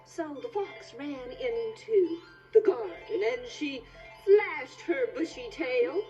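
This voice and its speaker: A young woman storyteller telling a children's tale on a kids' TV show in a playful, expressive, sing-song way. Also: high voice, slow. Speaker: visiting storyteller. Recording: dull TV soundtrack with music.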